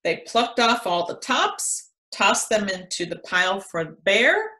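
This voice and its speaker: A woman educator reading a children's picture book aloud in an expressive storytelling manner. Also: mid-range voice, unhurried.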